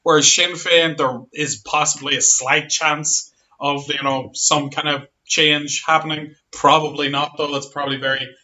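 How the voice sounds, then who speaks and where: A man's voice: a little high, level tone, normal speed, sharp tone. An Irish man co-hosting a casual, laughing chat show, loose and swearing freely. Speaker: podcast co-host. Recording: dull lo-fi sound.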